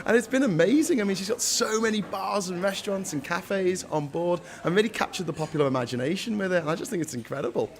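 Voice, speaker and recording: An upbeat young man with a Liverpool accent, chatting freely and laughing between points. His voice sits a little higher than most men's. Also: expressive, fast talker, hardly any pauses. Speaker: founder of a local food day. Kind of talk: casual interview.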